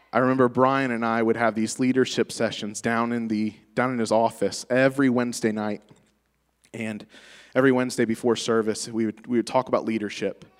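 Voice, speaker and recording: A man's voice: mid-range voice, long reverb tail. A man giving a tribute speech to a church congregation, telling personal stories in a conversational way and laughing often. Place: church sanctuary.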